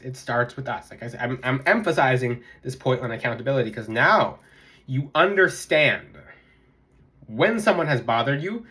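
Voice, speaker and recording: A young man giving casual spiritual advice to his viewers, emphatic and repetitive, sometimes mimicking others in a high voice. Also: pushed and bright. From South Florida. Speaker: spiritual vlogger. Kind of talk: casual advice monologue to camera.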